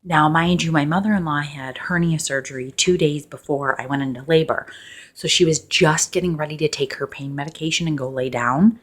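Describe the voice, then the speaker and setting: A young woman casually telling a personal story in a loosely ASMR style, chatty and laughing, bursting into high excited voices when she quotes people. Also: brisk. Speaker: ASMR channel host.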